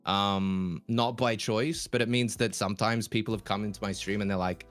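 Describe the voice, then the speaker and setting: A man's voice: lowish voice, steady tone, moderate pace, soft background music. Chatty man with a mixed Australian accent. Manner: chatty, stammers and restarts, laughs easily. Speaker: guest content creator. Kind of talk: casual chat.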